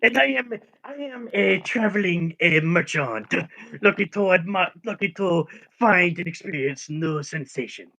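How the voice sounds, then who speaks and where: A goofy, eager traveling merchant who trips over his words in a tabletop game, as a man puts him on. The voice sits high and bright, dry and close to the mic. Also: lively intonation, measured pace, vocal fry, no room sound, exaggerated voice. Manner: bumbling, eager, hesitant.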